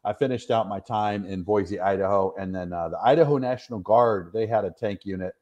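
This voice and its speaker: Low-voiced middle-aged man telling stories. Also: brisk, darkish tone, highs cut off. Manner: rambling, chatty, self-deprecating, many fillers. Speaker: interview guest, retired soldier. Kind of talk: casual storytelling interview.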